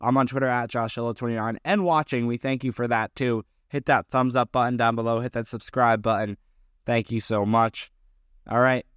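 A young man co-hosting a casual sports podcast, talking eagerly and rattling off quick sign-off plugs. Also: medium pitch, steady tone, fairly bright tone, clean tone, no echo, clean studio sound. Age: young adult. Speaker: podcast co-host.

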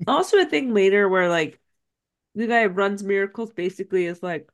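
A woman's voice: medium pitch, lively intonation, brisk. A woman co-hosting a podcast, recapping a film scene by scene in casual, profane chat. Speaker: podcast co-host.

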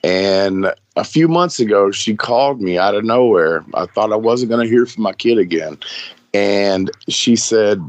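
A man's voice: lowish voice, expressive, unhurried, dry recording. A middle-aged man hosting a podcast interview, friendly and open, laughing often and stumbling over repeated words. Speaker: podcast host. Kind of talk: casual interview chat.

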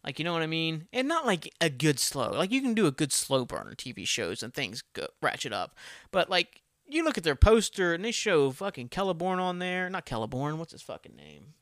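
Podcast host, male, rambling and foul-mouthed, bright edge, close dry sound. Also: a little high, big pitch swings, brisk, no echo. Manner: rambling, profane, self-deprecating. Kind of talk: casual solo podcast chat.

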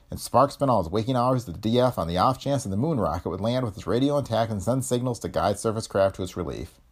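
A man narrating a pulp story as an audiobook, with animated storytelling. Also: fairly low pitch.

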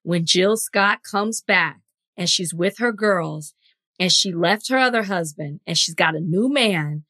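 A woman's voice: on the low side, a little slow, pushed and bright, dry recording. A woman co-hosting a podcast in casual chat, talkative and full of examples. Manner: talkative, tells stories with examples. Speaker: podcast co-host.

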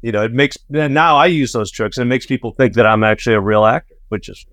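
Animated storytelling man, dry sound. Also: mid-range voice, fast talker, no room sound. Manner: animated storyteller who acts out quoted people. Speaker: podcast co-host. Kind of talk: casual chat, anecdotes.

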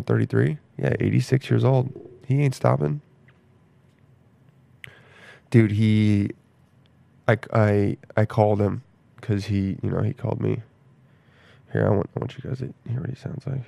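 A man's voice: lowish voice, vocal fry, darkish tone, no echo. A young man rambling casually in a profane, self-mocking monologue as a podcast host.

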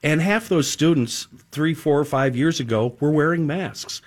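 A man's voice: on the high side, measured pace. A man co-hosting a casual talk show, speaking earnestly and plainly. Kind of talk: casual studio chat.

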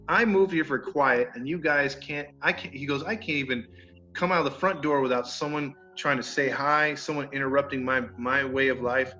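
A man's voice: mid-range voice, normal speed. A man casually telling a story on a podcast, acting out the people in it and cursing mildly. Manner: animated, acts out quoted neighbors, mild cursing. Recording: dull lo-fi sound with faint music.

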